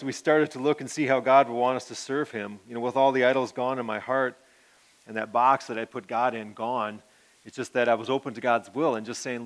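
A middle-aged pastor with a medium-pitched voice shares an earnest personal testimony. He rambles, restarts his thoughts, and often drops to a soft murmur.

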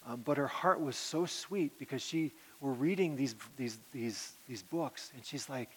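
A middle-aged man, a pastor, giving an earnest personal testimony that rambles with restarts and often sinks to a soft murmur. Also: medium pitch, a little slow, slight background noise.

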